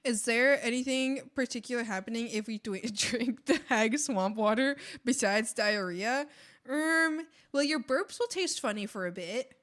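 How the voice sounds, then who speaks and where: Woman streamer: high, bright voice, giggly and playful, rambles through casual chat with restarts. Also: measured pace. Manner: giggly and playful, laughing often. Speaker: art streamer.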